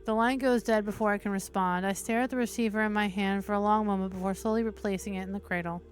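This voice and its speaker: A woman's voice: mid-range voice, fast, faint music behind. A woman hosting a stream who reads a visual novel aloud, with casual, cursing asides between passages. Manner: steady narration broken by casual swearing asides. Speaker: streamer, host.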